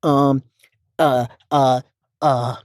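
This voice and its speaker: A man's voice: mid-range voice, fairly even intonation, extremely slow, dry recording, clean studio sound. A man voicing a nervous, stammering middle-aged male accountant who leaves a rambling voicemail. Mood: overexcited. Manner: stammering, repeating words, flustered. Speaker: voicemail caller.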